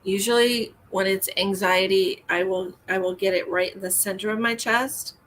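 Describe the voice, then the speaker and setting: A woman's voice: mid-range voice, fairly even intonation, normal speed, a bit bright. Soothing woman giving live psychic readings. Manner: soothing, calls viewers hun and honey, reads comments aloud. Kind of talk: live-stream reading to viewers.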